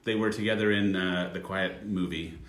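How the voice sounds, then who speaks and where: A man's voice: sits low, fairly even intonation, moderate pace, fairly bright tone, echoey room. A man in his thirties co-hosting a casual chat, telling a self-deprecating, comic story. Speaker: podcast co-host.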